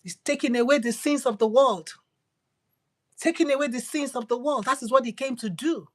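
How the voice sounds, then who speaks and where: A woman's voice: fairly high pitch, moderate pace. Emphatic woman preaching a sermon. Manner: emphatic and repetitive, swinging from loud declarations to whispers. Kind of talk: devotional sermon.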